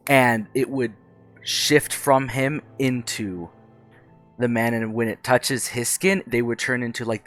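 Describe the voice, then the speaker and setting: A man playing a tabletop game, excitable and swearing, with frequent laughs. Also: lowish voice. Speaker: player. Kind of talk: casual tabletop play.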